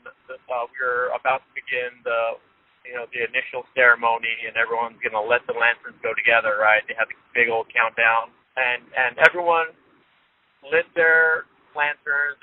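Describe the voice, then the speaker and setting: A man telling a story in casual chat, laughing often and acting out the people he quotes. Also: mid-range voice. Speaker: interview guest. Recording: tinny phone line.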